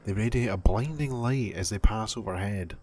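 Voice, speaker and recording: Male narrator, lower pitch, calm storytelling, slight background noise. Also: moderate pace.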